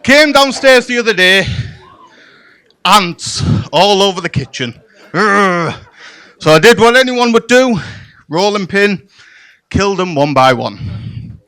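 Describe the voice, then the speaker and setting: A man delivers smooth, slow stand-up at a comedy club, pausing often between bawdy, playful bits and deadpan asides to the crowd. His high voice ranges widely in pitch.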